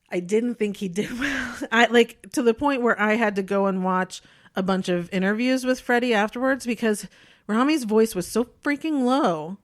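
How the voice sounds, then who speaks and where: Chatty opinionated woman podcast host. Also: a little high. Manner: animated, opinionated, laughs often. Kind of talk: casual chat.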